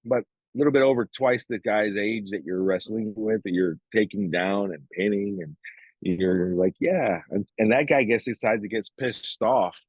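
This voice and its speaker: A man's voice: lowish voice, normal speed, breathy edge, no echo, muffled recording. A middle-aged man co-hosting a podcast, telling a story casually with swearing and acted-out quotes. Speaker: podcast co-host. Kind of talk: casual chat.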